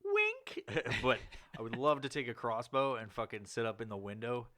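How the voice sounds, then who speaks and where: Bright-voiced man hosting a podcast. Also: steady tone, normal speed, no echo, clean studio sound. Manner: laughs often, swears freely, jumps into squeaky put-on voices. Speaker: podcast co-host. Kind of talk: casual podcast banter, reading news stories.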